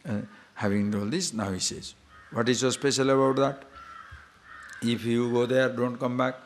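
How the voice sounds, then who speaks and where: A man's voice: medium pitch, fairly even intonation, a little hiss or hum. Male teacher lecturing on scripture, emphatic, keeps asking rhetorical questions. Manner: emphatic, rhetorical questions, chants verses slowly. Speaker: spiritual teacher.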